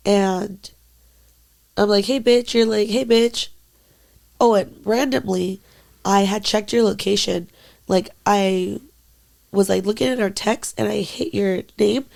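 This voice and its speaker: A young woman with a gravelly, creaky voice, co-hosting a casual podcast. She tells a story candidly, with lots of "like" fillers and plenty of swearing. Her pitch sits mid-range for a woman. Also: steady tone, measured pace, darkish tone. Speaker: podcast co-host. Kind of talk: casual chat.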